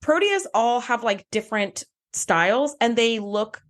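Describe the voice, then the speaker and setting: A woman co-hosting a podcast, talking casually and eagerly and laughing often. Her pitch moves a great deal, rising and falling as she talks. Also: expressive, a little slow. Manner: chatty and enthusiastic, laughs often. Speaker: podcast co-host. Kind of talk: casual chat.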